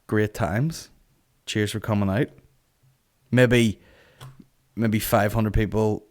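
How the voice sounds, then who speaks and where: A man's voice: fairly low pitch, slow. A man hosting a comedy podcast, ranting casually, cursing a lot and acting out other people's voices. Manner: sweary, animated, acts out people's voices. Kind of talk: casual comic rant.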